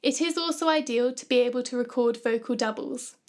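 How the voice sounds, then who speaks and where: A woman narrating a scripted music production tutorial in a calm, clear, instructive way. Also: fairly high pitch, brisk.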